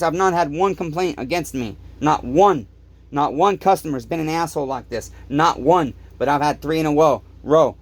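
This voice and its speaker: Swearing, fed-up man ranting in a workshop. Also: a little high. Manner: swears constantly, frustrated ranting. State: tired, fed up. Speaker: small-engine repair shop owner. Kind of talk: angry workshop rant to camera. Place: repair workshop.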